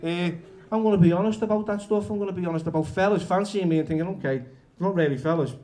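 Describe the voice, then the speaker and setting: Englishman reading his own book at a bookshop event, slightly high but mellow dark voice, chatty and frank. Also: quick pace. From England. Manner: frank, self-mocking, chatty with many fillers. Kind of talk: candid storytelling and reading aloud.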